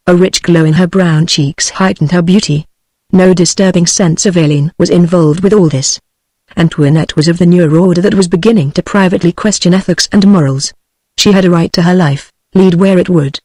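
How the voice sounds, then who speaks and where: A woman's voice: fairly low pitch, a little mellow, dry recording. Synthetic British woman reading a novel. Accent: British English. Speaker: narrator.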